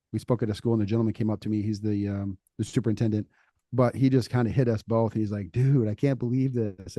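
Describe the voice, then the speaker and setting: A middle-aged man on a faith podcast, talking casually and telling stories with lively acted-out quotes. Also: fairly low pitch, no echo. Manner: animated storytelling, acts out quoted voices. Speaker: podcast co-host.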